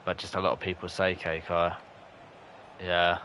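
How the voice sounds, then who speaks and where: A young man, streaming live, commenting on the match and chatting with viewers, breaking into shouts at close chances. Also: low-pitched, completely flat delivery, normal speed, slight background noise. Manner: chatty, bursts into shouts at near misses. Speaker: gaming streamer. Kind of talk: live gameplay commentary and chat reading.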